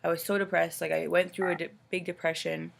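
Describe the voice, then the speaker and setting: A woman's voice: lowish voice, little pitch movement, brisk, vocal fry, slight background noise. A woman from Canada, a new mother, rambling through an upsetting personal story in casual talk full of "like" and "you know". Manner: upset and exasperated retelling.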